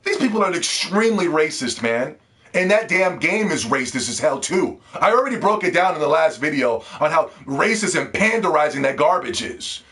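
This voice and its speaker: Brief: male gaming vlogger, fired-up profane rant, voice sits a bit high. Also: very animated, normal speed, fairly bright tone. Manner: heated, profane, repeats words when worked up. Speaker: gaming video host. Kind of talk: ranting video commentary.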